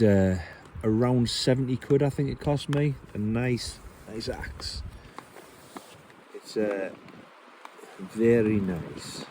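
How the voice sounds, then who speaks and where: A man's voice: fairly low pitch, mellow, a little hiss or hum. A man, chatting casually and self-deprecatingly with lots of ums and ers while sheltering under a tarp in rainy woods. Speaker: bushcraft vlogger. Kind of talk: casual rambling gear talk. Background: rain falling.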